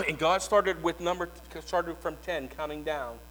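High-voiced preacher telling a dramatic story. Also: male voice, very animated, low-quality recording. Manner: swings from hushed, slow delivery to shouted proclamation.

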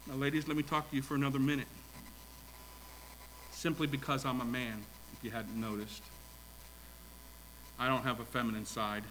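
A man's voice: medium pitch, fairly bright tone, a little hiss or hum, rough recording. A middle-aged married man preaching a sermon, using repetition and rising emphasis and putting questions to his congregation. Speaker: pastor.

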